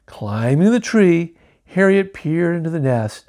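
A man reading a storybook aloud in a lively, up-and-down voice, a bit higher than most men. He drops in dry, joking asides between passages. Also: measured pace. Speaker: storybook reader. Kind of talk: reading a picture book aloud.

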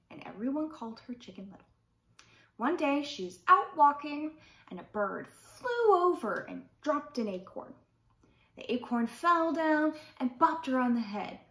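A woman storyteller reads a folk tale with lively, expressive narration. Her voice sits high and swoops widely, and the room adds a noticeable echo. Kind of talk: children's story reading. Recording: roomy echo.

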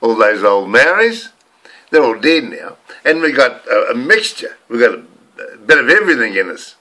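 Older New Zealand man, rambling vlog ranter, bright forceful voice with big swings in pitch. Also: sing-song, moderate pace. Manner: rambling, ranting, repeats words. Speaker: vlogger. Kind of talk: rambling monologue to camera.

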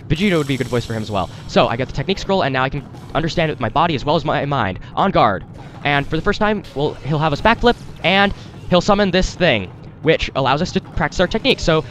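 A man's voice: a little high, expressive, fast, fairly bright tone, faint music behind. A man hosting a let's play, giving rambling, apologetic gameplay commentary into a headset mic. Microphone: desktop headset mic.

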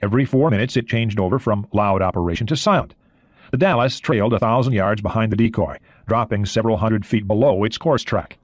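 A man reading an audiobook in a steady, expressive way. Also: lowish voice, a little fast, no echo. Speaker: audiobook narrator. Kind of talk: audiobook narration.

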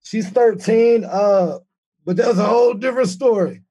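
A man's voice: sits high, normal speed, dark tone, slightly rough, rough recording. A man who is a guest on a podcast, joking in laid-back casual chat.

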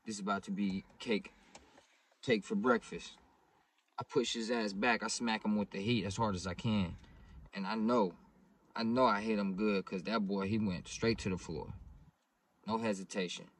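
A man's voice: lowish voice, steady tone, moderate pace. A man telling a story in blunt, profane street slang. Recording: voice distant from the mic.

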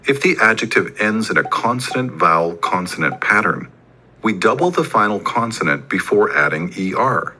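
Deep bright-toned male lesson narrator. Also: normal speed, breathy edge. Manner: even, textbook-like delivery without fillers. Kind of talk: scripted grammar explanation.

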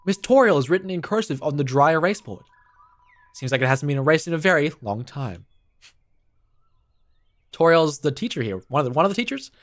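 Lively young man voicing game dialogue. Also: on the high side, fairly quick, pauses often. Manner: reads game text aloud and voices the characters himself, chatty with laughs. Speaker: gameplay streamer. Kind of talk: let's play with read-aloud dialogue.

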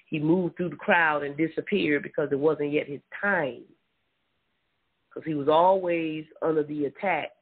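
A preacher giving an informal Bible teaching, reading scripture aloud, often repeating words and affirming with a quiet mm-hmm. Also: mid-range voice, slightly rough. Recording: tinny phone-line audio.

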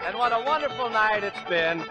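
A young man hosting a 1950s country radio show, crooning a tender ballad and then rattling off a quick, friendly sign-off. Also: sits high, lively intonation, over music. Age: young adult. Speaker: radio host and singer. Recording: vintage 1950s radio broadcast with band behind.

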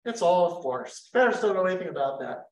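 A man from giving a lively history talk to an audience, telling the story with energy and throwing questions at the room. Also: high-pitched, fast talker. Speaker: history speaker. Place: lecture room in a history center. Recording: roomy hall, voice picked up from a distance.

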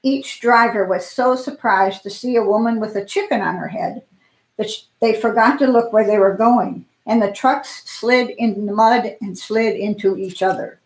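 A woman at a church service reading a children's story aloud in an expressive, playful way. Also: mid-range voice, moderate pace. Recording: echoey room.

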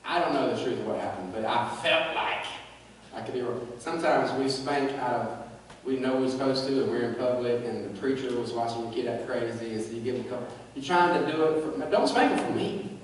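A man preaching a sermon in a folksy, joking way, swinging between quiet and loud. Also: medium pitch, fairly quick, slight background noise. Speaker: pastor. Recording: echoey church hall from far off.

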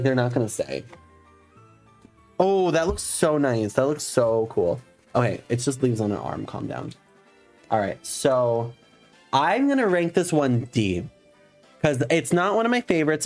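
A man's voice: mid-range voice, sing-song, moderate pace, a little mellow, soft background music. A man in drag on a live stream, chatting casually and campily with his viewers, swearing playfully at them.

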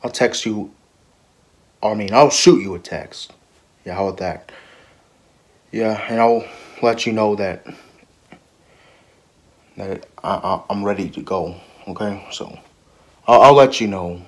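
Soft-spoken man, slow and halting. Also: fairly low pitch. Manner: soft, mumbling delivery with halting restarts. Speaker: creator voicing all characters. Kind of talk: improvised comedy skit dialogue.

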